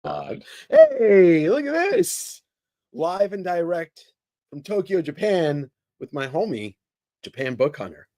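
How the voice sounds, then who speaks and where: Guy running a live comic sale, bouncy animated voice, jokey, dry close sound. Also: high-pitched, slow pace, no room sound. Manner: lively, joking, greets chat by name. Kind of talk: casual livestream chat. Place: indoor office.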